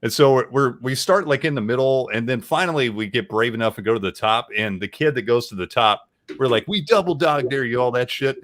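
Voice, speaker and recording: A man's voice: medium pitch, fairly quick, few pauses, a bit bright, no room sound. A man from Tennessee telling a story in a rambling, casual way with lots of fillers. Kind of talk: casual chat.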